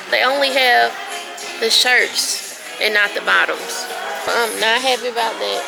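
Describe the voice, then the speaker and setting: A chatty woman in her late thirties talks to her viewers in a casual vlog, her fairly high voice carrying a gravelly edge. She gets excitable and keeps calling out to her audience as she films on a phone. Music plays clearly behind her. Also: unhurried, low-quality recording. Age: late 30s. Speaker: vlogger. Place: outdoors, then inside a discount store.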